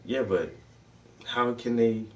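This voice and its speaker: A man's voice: mid-range voice, takes it slowly, a little mellow, recorded from a distance, highs cut off, a little hiss or hum. A man hosting a casual chat, telling stories loosely with lots of swearing and slang. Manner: loose, swearing storyteller voicing people in his stories. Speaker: host.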